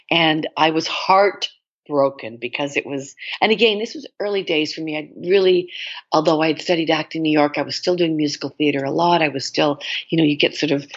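An older woman from Canada, an actress guest telling stories in a chatty, animated way with frequent laughs. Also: low voice, lo-fi sound. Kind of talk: casual interview chat.

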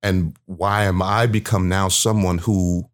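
A man with a very low voice speaks as a guest, recounting a personal story in an earnest, emotional way. He acts out what others said to him as he goes along. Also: fairly even intonation, unhurried. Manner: earnest, emotional, vivid retelling with acted-out quotes.

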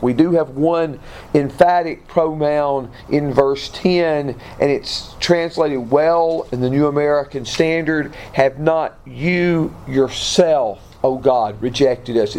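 A man teaching a Bible lesson to a class, speaking deliberately and often restarting his sentences. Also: on the high side, a little mellow. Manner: slow, deliberate, with repeated restarts.

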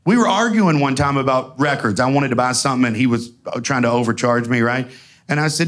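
A man telling profane, animated stories in a casual way, laughing often. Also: medium pitch, fast. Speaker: storyteller guest. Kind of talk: casual storytelling before an audience.

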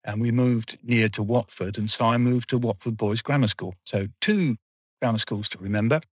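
A man's voice: mid-range voice, normal speed, husky, no room sound. Older man, rambling storyteller, dry humour, close dry sound. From England. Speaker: guest. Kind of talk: reminiscing interview.

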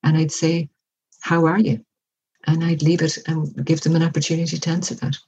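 A woman speaking as an interview guest, giving measured, reflective advice and often acting out example conversations. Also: low voice, little pitch movement, mellow, muffled recording, slight background noise. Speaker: workplace wellbeing guest.

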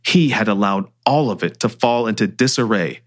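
Expressive male story narrator. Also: on the low side, normal speed. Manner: expressive, animated reading. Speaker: author and narrator. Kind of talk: audiobook-style story reading.

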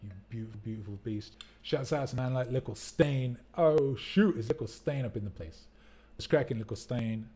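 Easygoing man of average pitch hosting a home live stream, loose and rambling. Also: brisk, warm tone, slight background noise. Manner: rambling, laid-back, laughs often. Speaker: livestream host. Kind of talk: casual live-stream chat. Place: indoor rental home. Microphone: desk mic for streaming, wearing headphones.

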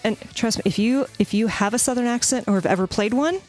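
A woman's voice: fairly high pitch, fast talker, darkish tone, faint music behind. A woman in casual podcast chat about her tabletop role-playing character, talking freely with lots of fillers. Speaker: tabletop game player.

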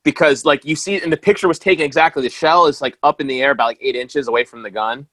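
A man's voice: mid-range voice, fast, no room sound. Man telling a story in casual chat. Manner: animated storytelling, acts out quotes with shouts.

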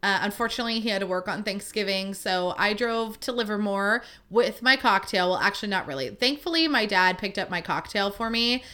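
A young woman hosting a podcast, telling a long casual story in a chatty, lively way full of "like" and the odd swear word. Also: mid-range voice, fairly quick, hardly any pauses. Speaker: podcast host.

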